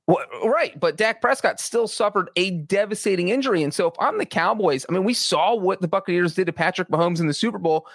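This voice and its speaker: A man's voice: high-pitched, expressive, fairly quick, vocal fry, hardly any pauses, fairly bright tone, no room sound. A man co-hosting a sports podcast, talking through his views in a chatty way with frequent restarts. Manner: chatty, many restarts and asides. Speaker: sports writer and podcast co-host. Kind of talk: casual podcast analysis.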